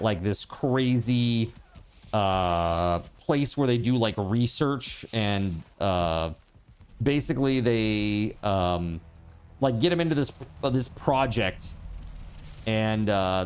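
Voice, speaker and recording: A man's voice: fairly low pitch, takes it slowly, slight background noise. A man streaming a game, chatting casually and rambling to his viewers with lots of fillers. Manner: talks to chat viewers. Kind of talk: casual livestream chat while gaming.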